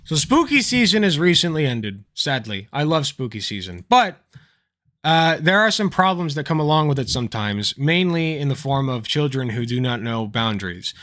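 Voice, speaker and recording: Bright-voiced man streaming casual commentary. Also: a little high, sing-song, moderate pace. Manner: swears casually, tells anecdotes with laughing asides. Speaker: livestream host.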